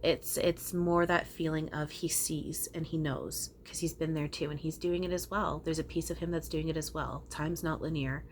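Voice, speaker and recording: Woman channeler, casual and profane, low steady voice with a faint hiss behind. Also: normal speed, few pauses. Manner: rambling, earnest, casually profane. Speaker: spiritual channeler. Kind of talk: casual spiritual talk to viewers.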